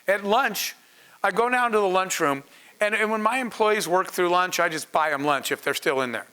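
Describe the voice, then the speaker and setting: A man, a startup founder, telling stories to an audience in an animated way, laughing and acting out dialogue. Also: high voice, normal speed, clean tone, rough recording. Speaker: startup founder and panel speaker. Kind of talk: storytelling talk to an audience.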